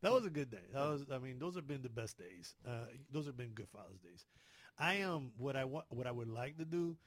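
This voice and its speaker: A man's voice: mid-range voice, animated, brisk, dry recording. Rambling man in casual chat. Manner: rambling, repeats words, emotional. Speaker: podcast host.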